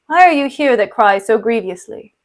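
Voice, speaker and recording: A woman's voice: a little high, lively intonation, moderate pace, lightly acted. A woman voicing a scheming, two-faced male ensign in a theatrical reading. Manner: theatrical reading, rising to cries.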